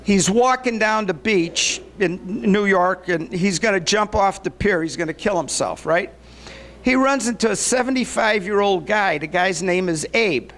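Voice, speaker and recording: A man's voice: high-pitched, animated, measured pace, fairly bright tone. A man, organizer of a meetup group, telling a story to the room in a loose way and often checking in with the audience.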